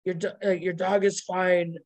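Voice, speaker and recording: A woman putting on the low, gravelly voice of a man making a mock ransom call, slightly off-mic. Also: level tone, moderate pace, darkish tone, dry recording, lightly acted. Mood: mock menacing.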